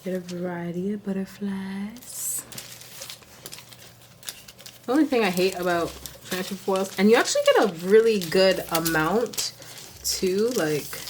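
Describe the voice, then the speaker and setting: Brief: Southern US woman, nail vlogger, slow unhurried talk, noisy home recording with crinkling behind. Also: medium pitch. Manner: chatty, filler-heavy, bursts into gasping excitement. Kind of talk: casual haul video chat.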